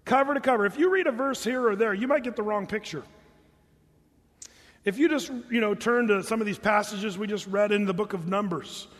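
A man preaching a sermon as pastor, animated and jokey, putting on mock voices to make his points. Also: high-pitched, a little fast, in a large hall.

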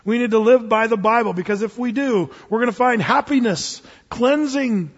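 A middle-aged man preaching a sermon to his church, telling stories and jumping into loud impressions. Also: very high voice, normal speed, breathy edge. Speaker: pastor. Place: church sanctuary. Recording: dull lo-fi recording with long hall reverb.

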